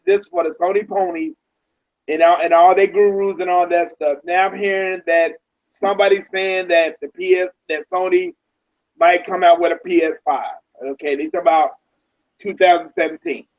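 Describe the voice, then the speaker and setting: Man, high-pitched co-host, agreeable, dull lo-fi recording. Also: steady tone, normal speed. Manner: agreeable, chimes in, then holds forth. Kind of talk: casual gaming chat.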